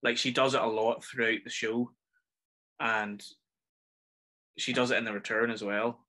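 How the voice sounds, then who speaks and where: Man, northern irish accent, podcast host, bright tense voice, rambling enthusiastic chat. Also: mid-range voice, steady tone, normal speed. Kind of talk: casual film review chat.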